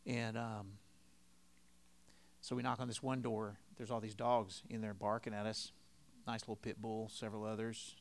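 A middle-aged man preaching a sermon in a conversational, storytelling way, swinging between loud and quiet. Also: fairly low pitch, flat delivery, moderate pace, creaky, pauses often. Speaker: pastor.

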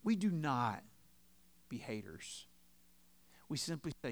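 A middle-aged man preaching a sermon in a conversational, storytelling way, swinging between loud and quiet. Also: medium pitch, very animated, slow pace, long pauses. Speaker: pastor.

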